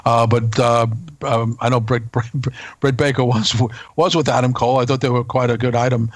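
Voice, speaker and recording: A man's voice: mid-range voice, fairly even intonation, moderate pace, no echo, studio quality. A man co-hosting a casual wrestling chat podcast, hesitant, with many restarts and fillers. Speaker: podcast co-host.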